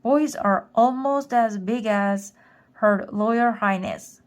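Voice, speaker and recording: A big male ant guard from a storybook, fawning and flustered, forever apologizing to his queen, as a woman reading aloud puts him on. His slow, stumbling speech keeps tripping over royal titles. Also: mid-range voice, close to an everyday voice.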